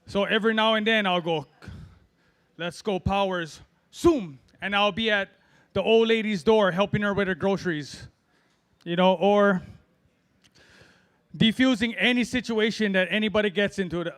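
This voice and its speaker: A man's voice: high voice, normal speed, a bit bright. A middle-aged man from Hawaii doing a loose, rambling open-mic stand-up set. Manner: rambling, self-deprecating, loose delivery with fillers. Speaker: amateur stand-up comic.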